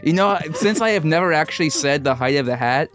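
A man's voice: fairly high pitch, expressive, a little fast, fairly bright tone, faint music behind. Rambling man playing a tabletop game. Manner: rambling, hedging with filler words. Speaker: player. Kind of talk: casual tabletop play.

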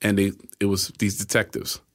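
Male guest, 40s, low voice, casual storyteller who acts out quotes. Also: completely flat delivery, moderate pace, fairly bright tone. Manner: acts out quoted voices, often asks "right?". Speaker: interview guest.

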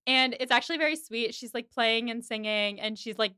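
A woman's voice: a little high, fairly quick, pushed and bright, clean tone, dry recording, studio quality. A woman hosting a podcast, chattily recapping a TV episode and leaning on "like" as she talks. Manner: chatty retelling, heavy use of "like".

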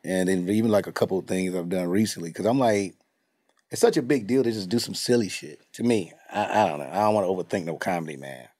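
A man's voice: sits low, fast. A man hosting a casual podcast, telling stories in slangy, profane talk and acting out bits of scenes. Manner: animated, slangy, profane storytelling. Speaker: podcast host.

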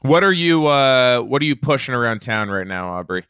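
Male comedy podcast co-host, mid-pitched, rambling riffs, crisp dry close-mic sound. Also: expressive, normal speed, a bit bright, no room sound. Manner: rambling, riffing on absurd ideas. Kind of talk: improvised comedic banter.

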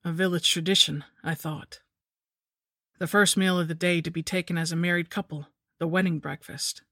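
A woman narrating a scripted horror story in a measured, somber way. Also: lowish voice, fairly even intonation, fairly bright tone, no room sound, clean studio sound.

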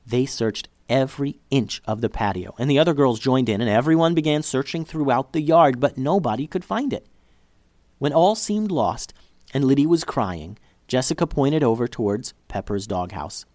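A man reading a children's story aloud as storyteller, in an expressive way. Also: mid-range voice, moderate pace, no room sound.

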